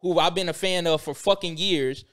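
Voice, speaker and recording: Brief: slightly high-voiced man, exasperated podcast co-host, emotional and incredulous. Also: moderate pace, a bit bright. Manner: emotional, exasperated, laughs often. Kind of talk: heated casual debate.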